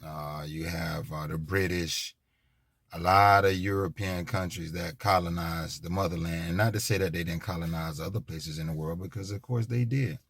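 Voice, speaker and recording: A man's voice: sits low, gravelly, a bit bright, slightly rough, no echo. A man giving an unscripted monologue, rambling and repetitive, with emphatic restarts and many fillers. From United States. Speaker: commentator.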